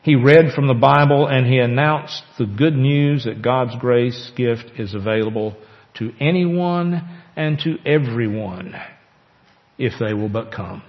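A man preaching a sermon as pastor, earnest, with slow emphatic pauses. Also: mid-range voice. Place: church sanctuary. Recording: echoey church hall, dull lo-fi sound.

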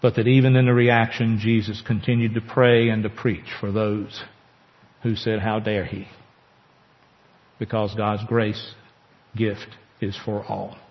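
A man preaching a sermon as pastor, earnest, with slow emphatic pauses. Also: fairly low pitch, little pitch movement. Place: church sanctuary. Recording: echoey church hall, dull lo-fi sound.

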